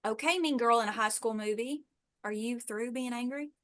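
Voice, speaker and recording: A woman's voice: on the high side, normal speed, fairly bright tone, lightly acted. A woman voicing a teasing, sarcastic young woman from Texas in an amateur audio drama.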